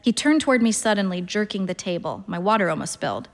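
A woman's voice: mid-range voice, expressive, fast talker, in a large hall. A woman reading first-person literary fiction aloud in a wry, understated way. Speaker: narrator.

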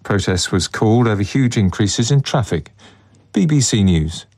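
A man reads a news bulletin in a measured, formal delivery. His voice sits fairly low and stays steady throughout. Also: breathy edge. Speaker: newsreader.

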